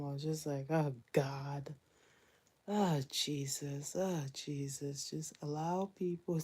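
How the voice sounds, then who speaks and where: Her voice is dark and husky, low with some gravel in it. She's a mother vlogging casually through her housework, open and talkative, laughing often.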